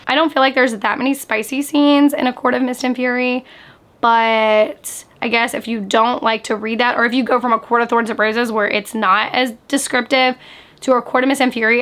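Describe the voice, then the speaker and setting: A woman book vlogger in casual reaction chat, animated and chatty, sprinkling "like" through her talk. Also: fairly high pitch. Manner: chatty, animated, frequent "like" fillers.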